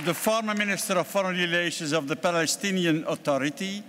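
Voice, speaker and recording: An older Belgian-accented man delivers a formal speech as a party president, his voice pitched a little high for a man. He speaks in a measured, deliberate way, leaning hard on key words. His voice rings out with the long reverb of a large congress hall. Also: fairly bright tone, some chatter behind, slight background noise. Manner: measured, deliberate oratory with emphatic stresses.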